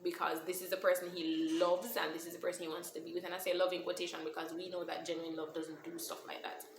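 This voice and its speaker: A woman tells a personal story to camera in a casual, animated way and slips into patois now and then. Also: on the low side, quick pace, background noise. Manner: animated, switches into Caribbean-style patois when emotional. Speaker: vlogger telling a personal story. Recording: echoey room with faint ambience.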